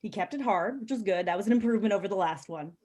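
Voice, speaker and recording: A woman's voice: medium pitch, racing, dark tone. A woman in her thirties doing a frank, bawdy stand-up set, telling stories with lots of ums and little laughs. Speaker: stand-up comedian. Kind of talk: stand-up set on a live video call.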